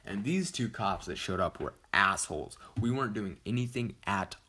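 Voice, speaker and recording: A man's voice: fairly low pitch, animated, normal speed, pushed and bright. A teenage boy vlogger telling a story casually, rambling and swearing with lots of "like". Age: teens. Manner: rambling, profane, fillers like "like".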